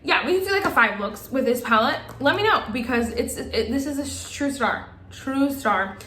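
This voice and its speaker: A young woman reviewing makeup in a casual vlog, gushing and excitable as she chats to her viewers. Her voice sits fairly high. The room around her rings with echo. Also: brisk. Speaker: beauty vlogger. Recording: echoey room.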